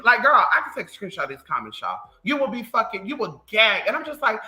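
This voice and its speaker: A livestream host ranting casually to viewers in a sassy, profane, animated way. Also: mid-range voice, fast talker, few pauses, poor audio. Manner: animated storytelling.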